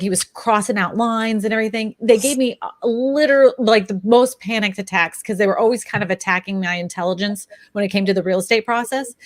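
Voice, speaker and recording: A woman's voice: mid-range voice, no echo. A woman in her thirties co-hosting a casual chat, telling stories and acting out what people said. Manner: animated storyteller, acts out quotes. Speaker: real estate agent, co-host.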